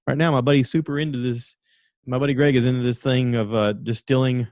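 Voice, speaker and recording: A man's voice: medium pitch, fairly even intonation, a little fast, a little mellow, dry recording. A man hosting a podcast, chatting on his own and telling a rambling story. He acts out the lines of the people in it and laughs at himself. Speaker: podcast host. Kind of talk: casual solo podcast monologue.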